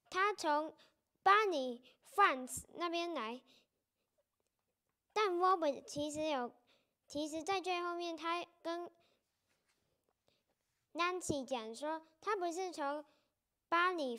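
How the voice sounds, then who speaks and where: High, slow-reading woman teacher. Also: pushed and bright. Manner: slow and deliberate, repeating sentences for learners. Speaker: storybook reader and English teacher. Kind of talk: reading a picture book aloud with explanations.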